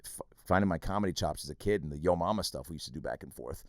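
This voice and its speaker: Lower-pitched man gabbing fast on his podcast, swearing a lot, voice bouncing all over, dry close sound. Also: no room sound. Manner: animated, profane, rapid storytelling. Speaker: podcast host, comedian. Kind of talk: casual chat, storytelling.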